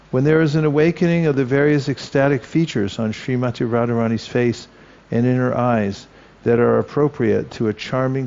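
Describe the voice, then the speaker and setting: A man with a gravelly, creaky voice reads a devotional text aloud, slow and careful, going back over any passage he trips on. The recording sounds dull and lo-fi. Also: mid-range voice, darkish tone. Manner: slow, careful reading that pauses to correct itself. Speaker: scripture reader.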